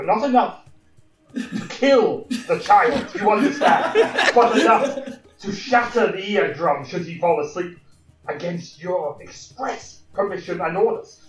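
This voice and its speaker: Deadpan man, echoey and distant. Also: sits high. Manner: dry, deadpan in character. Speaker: player. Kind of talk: tabletop role-play. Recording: echoey room from off-mic, music behind.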